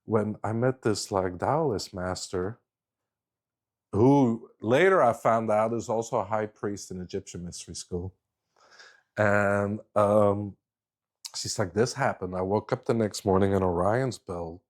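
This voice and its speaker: A man's voice: on the low side, measured pace. A middle-aged man telling a story in a casual, rambling way, often restarting his sentences. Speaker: guest speaker.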